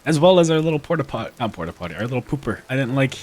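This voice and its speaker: A man's voice: mid-range voice, sing-song, rapid-fire, darkish tone. A man giving casual, playful commentary on his game building, with self-mocking jokes and giggly asides. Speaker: gaming video creator.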